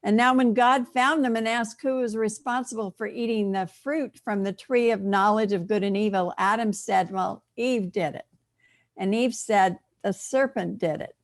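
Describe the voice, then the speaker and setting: Woman giving a gentle storytelling sermon. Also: mid-range voice, steady tone, moderate pace, few pauses. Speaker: minister. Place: church sanctuary.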